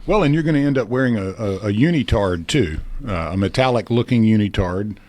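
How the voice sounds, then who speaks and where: Low-voiced male radio host with dry jokes and a close, dead sound. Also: expressive, fairly quick, darkish tone, dry recording. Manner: dry, joking asides. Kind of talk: casual radio chat.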